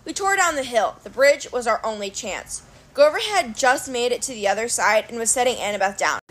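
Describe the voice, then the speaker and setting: A woman narrating an adventure story in an expressive, dramatic reading. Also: a little high, a little fast. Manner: animated, dramatic. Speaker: audiobook narrator.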